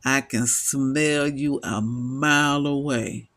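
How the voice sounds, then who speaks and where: A man's voice: medium pitch, fairly even intonation, slow, a bit bright. A middle-aged man giving an impassioned solo monologue, weary, emphatic and repetitive as he stresses his points. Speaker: vlogger.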